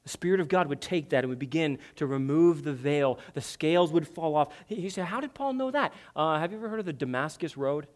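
A man with a high voice preaches a sermon in an earnest, conversational way. He often restarts his words as he explains a passage to his congregation. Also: fast, few pauses. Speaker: pastor.

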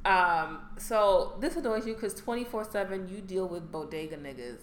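A young adult woman co-hosting a casual chat show, teasing her partner with quick wisecracks. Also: fairly low pitch, animated, roomy sound, low-quality recording. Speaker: podcast co-host.

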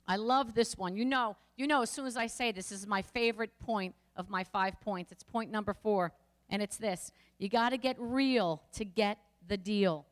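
A woman's voice: mid-range voice, normal speed, in a large hall. A woman pastor preaching a passionate sermon, speaking straight to her listeners with rising and falling emphasis.

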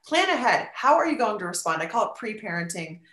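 A talkative woman in her forties speaks earnestly as a guest, her voice at a middling pitch. The sound is roomy, with echo around her. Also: big pitch swings, fast talker, a bit bright. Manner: earnest, talkative, many "you know" fillers. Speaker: podcast guest, parenting advice. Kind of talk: casual conversation. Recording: echoey room.

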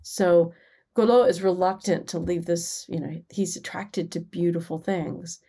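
Woman, middle-aged, somewhat low voice, music scholar, measured scripted lecture. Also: fairly even intonation, creaky, dark tone, slightly rough. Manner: measured and explanatory, reading prepared text.

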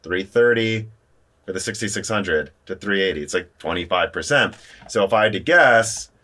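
A man hosting a casual tech chat, animated and talking through quick restarts. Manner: animated, talks through restarts, lively pitch jumps. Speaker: podcast host.

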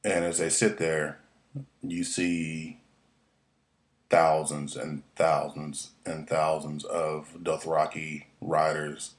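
A man giving a casual, profane, excitable recap of a TV episode, rambling with lots of fillers and restarts. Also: a bass voice, takes it slowly. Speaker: podcast host recapping a TV episode.

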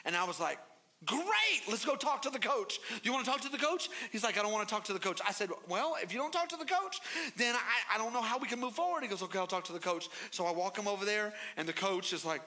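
Male pastor telling a story, high bright voice, playful and animated. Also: fast talker. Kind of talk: sermon with storytelling.

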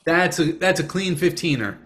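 A man on a comedy podcast panel, riffing on crude jokes in an animated way. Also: a little high, normal speed, slight background noise. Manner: animated joking riffs. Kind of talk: casual comedic banter.

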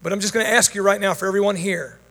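In a church hall, a man preaches and prays over a congregation, fervent and commanding when praying but chatty in his asides, as part of a sermon that also includes prayer and Q&A. His voice is high-pitched and bright, with a steady tone and a racing pace. The long reverb of a large hall fills the recording.

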